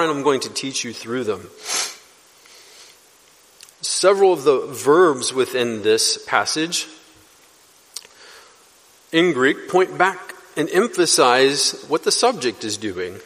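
A man's voice: on the high side, fairly bright tone. Earnest male pastor in a reverberant hall. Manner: earnest teaching, rising for emphasis. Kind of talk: expository sermon. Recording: long reverb of a church hall.

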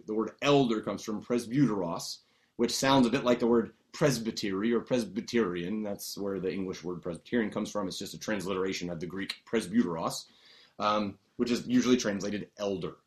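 A man with a fairly low voice gives a teaching sermon. He talks conversationally, often pausing on fillers and restarting phrases as he walks through Greek terms patiently. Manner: explains Greek words patiently. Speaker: pastor.

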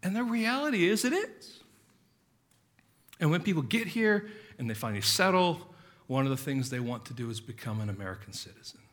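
Bright-voiced, passionate preaching man. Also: fairly high pitch, big pitch swings, fairly quick. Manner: passionate, emphatic preaching with swings from loud to quiet. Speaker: pastor. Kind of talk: sermon.

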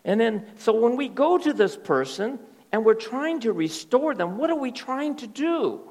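A male pastor preaching a sermon in an animated way, often dropping to soft, hushed tones. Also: extremely high pitch, normal speed.

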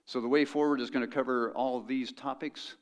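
A man's voice: medium pitch, fairly even intonation, a little fast. A middle-aged man preaching a sermon as pastor, conversational and joking with the congregation.

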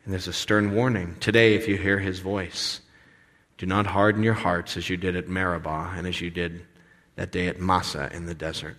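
A man preaching a sermon as pastor, animated and expressive, sometimes acting out the voices of complaining people. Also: deep voice, normal speed. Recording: long reverb of a hall.

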